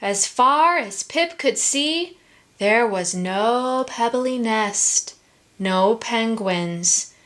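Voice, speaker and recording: A woman teacher reads a children's storybook aloud, taking her time. Her pitch sits a little high and moves expressively from phrase to phrase. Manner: slow, expressive, sing-song reading.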